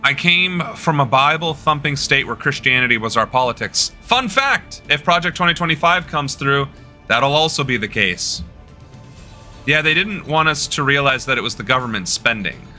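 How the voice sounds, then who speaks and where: Man, young adult, live-stream chatter, bright sharp tone, faint background music, joking manner. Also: mid-range voice, lively intonation, normal speed. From United States. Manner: loose, joking, talking to chat. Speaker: political streamer. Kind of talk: casual live-stream chat while gaming.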